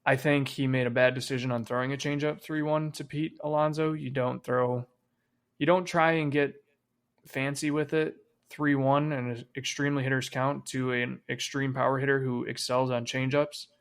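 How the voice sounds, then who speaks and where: A man's voice: mid-range voice, little pitch movement, moderate pace. A man co-hosting a podcast, talking casually about sports, swearing freely and trailing off with fillers. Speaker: podcast co-host.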